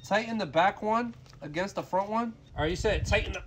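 A young man live-streaming while he works on a car, loud and excitable, swearing often and talking to his chat. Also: high-pitched, brisk, hardly any pauses, a little hiss or hum. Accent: Florida.

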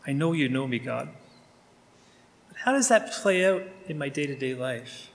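A man's voice: mid-range voice, expressive, moderate pace, gravelly. A male pastor praying aloud during a sermon, speaking earnestly and intimately to God. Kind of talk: spoken prayer in a sermon. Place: church sanctuary. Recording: long reverb of a large room.

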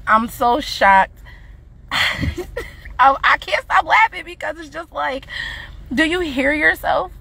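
A young woman with a high, bright voice lets loose in a heated livestream rant. She mocks and swears, breaking into scornful laughter as she goes. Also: expressive, slow pace, creaky, long pauses. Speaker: livestreamer responding to her child's father.

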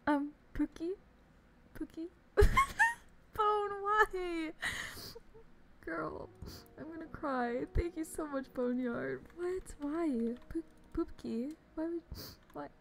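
A gushing, giggly woman streamer with a high voice chats casually on a live stream. She talks at an unhurried pace, and a faint background noise sits under her voice. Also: big pitch swings, creaky, a bit bright. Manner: gushing and giggly, greets viewers.

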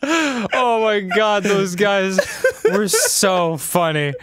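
A man's voice: high-pitched, very slow, a bit bright, slight background noise. A man co-hosting a casual gaming chat, playful and jokey, breaking into silly voices. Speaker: co-host. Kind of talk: casual chat while playing a game.

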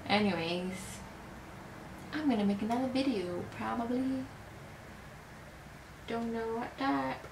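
A tired woman in her early twenties chatting through a casual beauty review, rambling and unhurried with plenty of hesitations. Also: fairly high pitch, gravelly, background noise. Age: early 20s. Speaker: beauty vlogger. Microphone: camera mic. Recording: roomy echo.

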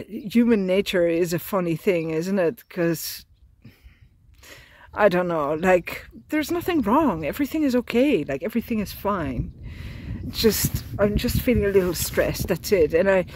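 A woman's voice: fairly low pitch, darkish tone, slight background noise. An Irish woman telling a casual video diary while walking by a road, rambling with many fillers and restarts, a little tearful. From Ireland. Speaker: pilgrim vlogger.

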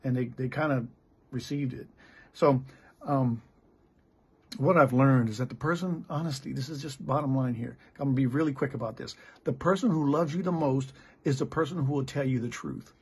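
A man's voice: mid-range voice, moderate pace. A middle-aged American man preaching a blunt, candid sermon as a pastor. He talks plainly and often restarts his sentences. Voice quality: gravelly and very raspy. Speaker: pastor and missionary.

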